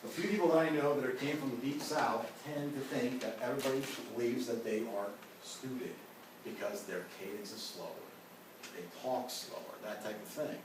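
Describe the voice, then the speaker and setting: At a normal speed and medium pitch, a man leads an ethics class in a lecture room, chatting casually, telling personal stories, and often saying "you know" and "right?". A distant room mic captures him far away, with heavy echo and a faint hiss.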